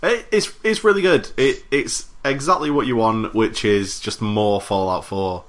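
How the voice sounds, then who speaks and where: Laid-back man, low voice. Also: measured pace. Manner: laid-back, rambling game recap. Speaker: podcast co-host. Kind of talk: casual chat.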